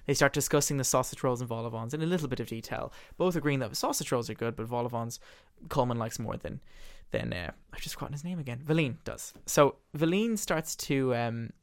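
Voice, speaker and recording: A man animatedly retelling the scenes of a play in a casual discussion. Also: mid-range voice. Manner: animated storyteller, quick and expressive.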